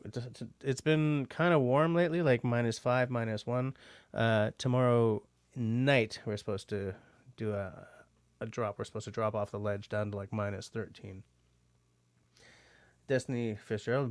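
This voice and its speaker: A man's voice: mid-range voice, unhurried, long pauses, no room sound, studio quality. A man hosting a livestream, chatting casually and rambling with frequent filler words. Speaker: livestream host.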